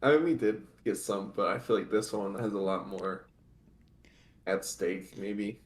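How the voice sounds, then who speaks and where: A man's voice: lowish voice, fairly even intonation, a little slow. A man co-hosting a casual anime podcast, recapping the plot in long rambling run-on sentences. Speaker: podcast co-host. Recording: echoey room.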